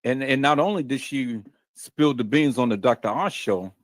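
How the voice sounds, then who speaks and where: A man's voice: medium pitch, moderate pace, no echo. A man hosting a livestream, talking heatedly with lots of stammered restarts and cursing. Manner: repetitive, stammering restarts, emphatic and profane. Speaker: livestream host.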